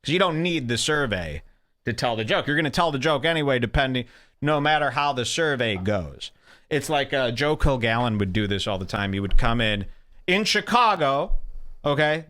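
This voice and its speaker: A man with a lively, swooping delivery talks through a recorded clip, sarcastic and animated. He keeps slipping into mocking impressions of the people in it, and his pitch jumps around a lot. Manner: sarcastic, animated, mimics others. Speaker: podcast host.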